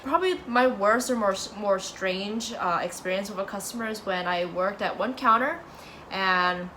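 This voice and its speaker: A young woman who works as a cosmetics counter manager, telling a customer story in an expressive, incredulous way. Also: medium pitch, moderate pace, slight background noise. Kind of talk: casual storytelling chat.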